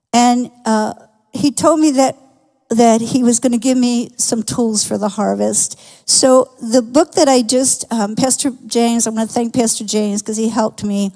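A woman's voice: a little high, warm tone. An older woman giving an earnest, conversational testimony sermon in a church, often restarting her phrases. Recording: long reverb of a large hall.

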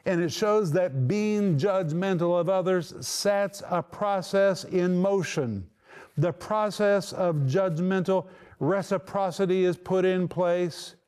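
A man's voice: sits high, slow, darkish tone, clear, resonant tone. A male preacher delivers a sermon with a slightly raised voice. He speaks earnestly and with emphasis. He repeats his key phrases to drive them home.

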